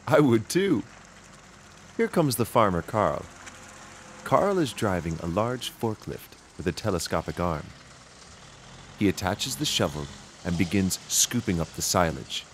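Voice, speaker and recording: A man's voice: deep voice, big pitch swings, unhurried, slight background noise. A man narrating a children's video, pointing things out to young viewers in a sing-song way.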